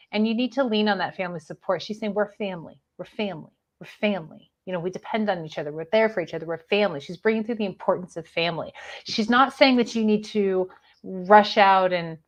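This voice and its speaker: A woman psychic medium giving a live online spiritual reading, speaking gently and hesitantly, with many fillers and restarts. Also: medium pitch.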